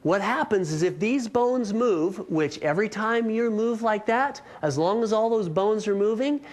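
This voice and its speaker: A man's voice: high voice, animated, moderate pace. A man in his thirties giving a health workshop talk, telling a story with self-mocking humor before moving on to teaching.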